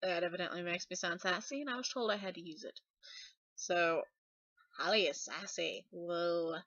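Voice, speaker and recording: A woman's voice: on the low side, moderate pace, bright, forceful tone, no room sound. A Scottish woman chatting casually to her webcam, rambling and self-deprecating with sarcastic asides; her voice often gets mistaken for a man's. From Scotland. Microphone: webcam mic. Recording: dull dry webcam audio.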